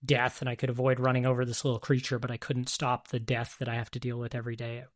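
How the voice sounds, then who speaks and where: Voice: mid-range voice, completely flat delivery, quick pace. Hesitant host retelling a story. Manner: hesitant storyteller with many restarts and fillers. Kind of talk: casual podcast conversation.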